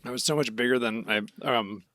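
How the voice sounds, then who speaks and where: A man with an ordinary middle-pitched voice chats in a relaxed way, laughing easily while recapping events. He is recorded close and dry, with no room echo. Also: brisk. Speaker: podcast co-host. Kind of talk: casual podcast chat.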